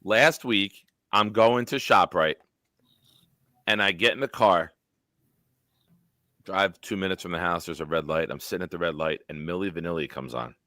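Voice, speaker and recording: A man hosting a casual sports live stream, animated and joking, swearing freely. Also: sits low, normal speed, long pauses, dry recording, clean studio sound. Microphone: home setup on a video call.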